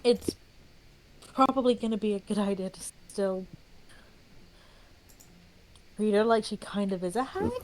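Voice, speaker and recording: A woman playing a tabletop game, chatting casually with quick questions and asides. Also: medium pitch, a little hiss or hum, poor audio. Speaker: player.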